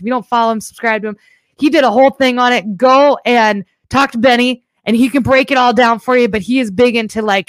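Woman, livestream host, casual chat, blunt, swears a lot, rambling, fairly high voice, dry close sound. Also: no echo. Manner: blunt and profane, rambling asides. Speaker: podcast host.

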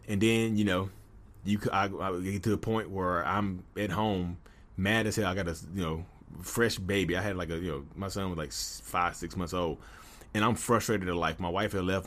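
A man in his thirties with a fairly low voice tells a personal story. He is candid and casual, and his talk is loose and full of fillers. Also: fairly bright tone. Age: 30s. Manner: candid, conversational, many fillers like "you know". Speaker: podcast host.

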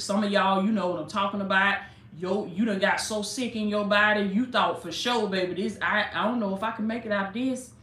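A woman's voice: on the low side, fairly bright tone, a little hiss or hum. Fervent woman preaching in an echoey room. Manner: fervent preaching with casual direct address. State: jittery from coffee. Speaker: life coach and preacher. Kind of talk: live-streamed sermon.

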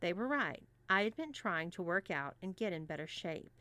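A woman narrating a first-person story in an even, steady reading voice. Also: on the low side, moderate pace, dry recording.

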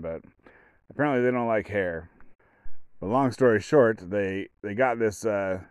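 Guy rambling thru his solo podcast, kinda low voice, dry close sound, keeps restarting sentences. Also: darkish tone, clear, resonant tone, dry recording. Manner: rambling, self-interrupting storyteller. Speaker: podcast host. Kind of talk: solo casual podcast monologue.

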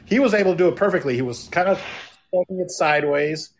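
A male guest chatting casually, telling stories with frequent restarts and stumbles. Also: high voice. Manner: halting, many restarts when telling stories. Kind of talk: casual chat.

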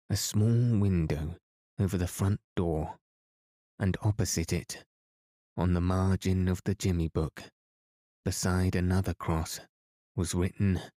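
Slow, deep-voiced man reading a bedtime story. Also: no echo, clean studio sound. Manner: soft and unhurried. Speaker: podcast host and reader. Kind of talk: calm bedtime story narration.

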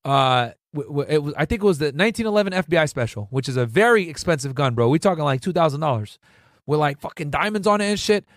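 A man in his thirties tells war stories from his time as a federal agent, casual and profane, tossing in "bro" and restarting sentences. His voice sits a bit high for a man. It is recorded close and dry, with no room sound. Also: expressive, fast talker, no room sound. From Connecticut, US Northeast. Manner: slangy and profane, peppered with "bro" and "right?"; rambling, with frequent restarts. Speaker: former federal agent, channel host. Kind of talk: casual storytelling to viewers.

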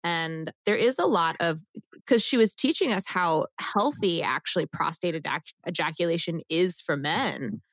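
Low-voiced woman podcast co-host. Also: normal speed, a bit bright, dry recording. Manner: laughs often, effusive. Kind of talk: casual podcast chat.

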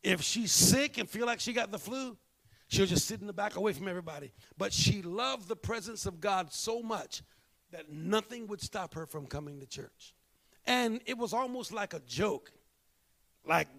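A male pastor preaching a sermon, telling a story and moving between hushed, slow moments and emphatic bursts. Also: sits high, lively intonation.

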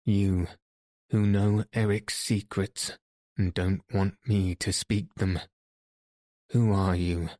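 A man's voice: deep voice, level tone, slow pace, long pauses, warm tone, dry recording, clean studio sound. A man voicing an anxious, impulsive young nobleman who speaks urgently.

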